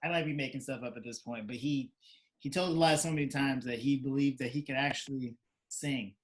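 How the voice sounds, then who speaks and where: A man's voice: mid-range voice, steady tone, brisk. A man co-hosting a casual chat podcast over a remote video call, joking and bantering. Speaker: podcast co-host.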